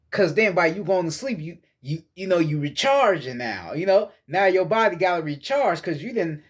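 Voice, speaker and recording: A man's voice: high-pitched, animated, normal speed, hardly any pauses. A man giving a casual spiritual monologue as a vlogger, lecturing bluntly with heavy profanity and frequent repetition.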